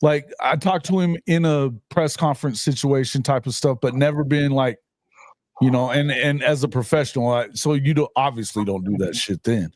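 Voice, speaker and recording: A man's voice: medium pitch, moderate pace, no echo. A middle-aged man hosting a casual sports podcast, telling stories animatedly and laughing often while chatting remotely. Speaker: podcast host, sports writer. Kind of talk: casual chat. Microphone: remote call mic.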